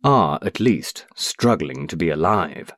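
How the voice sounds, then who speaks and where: A man voicing a mild, mysterious stranger who speaks calmly and in a measured way in a storybook reading. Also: low-pitched, full character voice. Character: calm, mysterious male stranger with a luminous stare.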